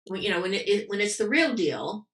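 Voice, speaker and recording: A woman's voice: mid-range voice, a little fast, roomy sound, distant mic. A woman medium giving readings and teaching in a live online class, laughing easily and quoting spirit messages with feeling. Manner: warm, laughing, emotional, quotes spirits in lively voices. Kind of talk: live reading and Q&A on a video call.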